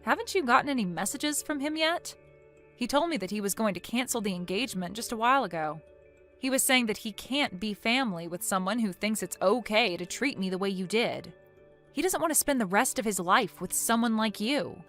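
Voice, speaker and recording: A synthetic woman's voice reading a text-message story in a cold, firm and measured way. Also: on the high side, expressive, fairly bright tone, faint music behind.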